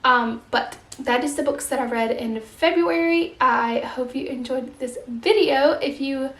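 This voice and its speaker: A woman's voice: high-pitched, a little slow, roomy sound. A young woman vlogging a casual monthly book wrap-up, chatty and gushing, with lots of fillers.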